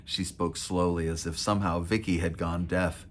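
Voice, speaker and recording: A man's voice: deep voice, flat delivery, moderate pace. A man in his fifties reading his own memoir aloud, with wry, self-mocking asides. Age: 50s. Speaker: author.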